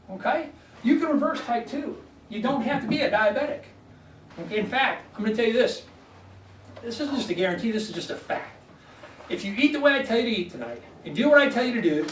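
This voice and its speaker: A high-pitched man runs a folksy health workshop and keeps asking the crowd "okay?". He is caught from across an echoey room by a distant mic. A faint hiss sits under his voice. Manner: folksy, repeats "okay?" to check in with listeners. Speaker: chiropractor giving a health workshop. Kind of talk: lecture to a live audience. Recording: echoey room, voice from far off, faint background noise.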